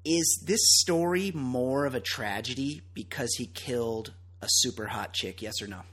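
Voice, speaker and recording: A man's voice: medium pitch, moderate pace, a bit bright, breathy edge. A man hosting a podcast, chatting casually and ranting bluntly with plenty of swearing. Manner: blunt, profane, opinionated ranting. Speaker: podcast host. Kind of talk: casual chat.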